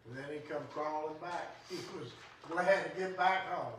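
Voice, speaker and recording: A man's voice: fairly high pitch, moderate pace, fairly bright tone, slight background noise. A man in the congregation calling out short replies to the preacher. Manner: brief interjecting replies, chuckles. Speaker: congregation member. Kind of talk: call-and-response in a sermon. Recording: echoey room, speaker far from mic.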